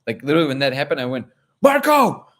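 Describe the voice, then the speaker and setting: A man hosting a live discussion, telling a personal story in an animated way and acting out quotes. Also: mid-range voice, brisk. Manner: animated, acts out quotes, many restarts. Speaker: host.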